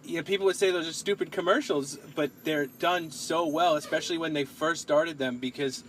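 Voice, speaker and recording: A man hosting a laid-back podcast conversation, his voice sitting a little high for a man. He rambles, restarts his sentences often and challenges his guest's points. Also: fairly even intonation, brisk, fairly bright tone, a little hiss or hum, poor audio. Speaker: podcast host. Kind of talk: casual chat.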